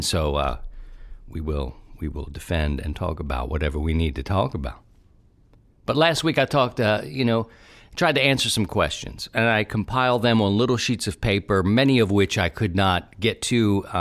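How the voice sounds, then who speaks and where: A podcast host from Baltimore, Maryland, with a Baltimore accent and a deep, slightly bright voice, rambles casually on his own, joking and drifting off topic. He is expressive and keeps a moderate pace.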